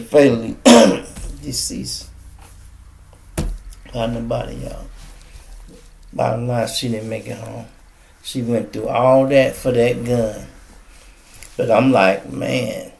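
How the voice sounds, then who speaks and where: Gravelly man telling a story. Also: medium pitch. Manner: animated, addresses listeners as y'all. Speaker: podcast host. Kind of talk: casual storytelling.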